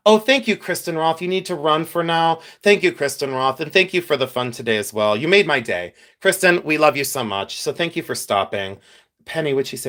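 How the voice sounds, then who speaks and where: A man's voice: on the high side, lively intonation, brisk, fairly bright tone. A man hosting a casual live stream, telling stories and answering viewers' comments by name. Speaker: livestream host.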